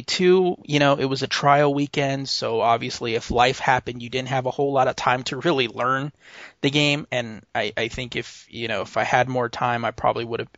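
Easygoing rambling podcast host. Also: male voice, medium pitch, fairly bright tone, dry recording. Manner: rambling, easygoing, laughs often. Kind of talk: casual chat. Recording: dull lo-fi podcast audio.

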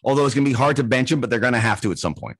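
A man hosting a casual podcast, easygoing and quick to laugh. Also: medium pitch, animated, breathy edge, dry recording. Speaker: podcast host.

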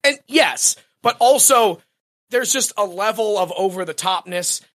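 Man, podcast co-host, bright voice, dry close sound, rambling casual chat. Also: high-pitched, measured pace, no room sound. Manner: animated, rambling, laughs often.

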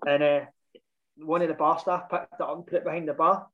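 A man's voice: fairly high pitch, flat delivery, fairly quick. Man, muffled, casual storytelling. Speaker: football supporter telling stories. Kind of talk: casual chat.

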